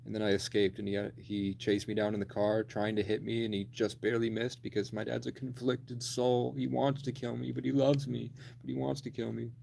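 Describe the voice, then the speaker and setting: A man's voice: mid-range voice, little pitch movement, fairly quick, gravelly, few pauses, darkish tone, slight background noise. A man in his twenties telling a long personal story in a rambling, blunt, profane way on a livestream. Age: 20s.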